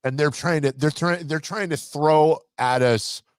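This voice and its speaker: A man co-hosting a sports radio show, bantering in an animated, emphatic way. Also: a little high, clear, resonant tone, no room sound. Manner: animated, quick to jump in, emphatic. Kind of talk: casual studio banter.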